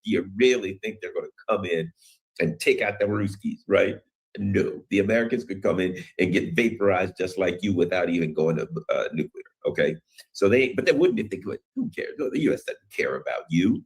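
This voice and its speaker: Deep-voiced man ranting about world affairs. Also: expressive, brisk. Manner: rambling, emphatic, acts out others' quotes. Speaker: news commentary channel host. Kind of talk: opinionated solo commentary.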